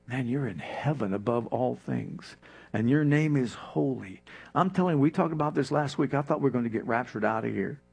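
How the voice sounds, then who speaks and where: Male pastor, husky mid-range voice, emphatic sermon delivery. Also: mid-range voice, darkish tone. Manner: emphatic preaching with dramatic pauses and acted-out prayers.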